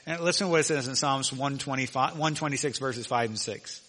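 A male pastor preaching a sermon with emphasis, slowing down when he reads scripture aloud. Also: medium pitch, sharp tone. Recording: long reverb of a large hall.

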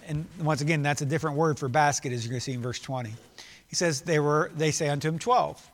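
Preacher, man, high-pitched, earnest repetitive sermon delivery, long hall reverb. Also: fast talker, fairly bright tone. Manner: earnest, repetitive preaching cadence that swells and drops.

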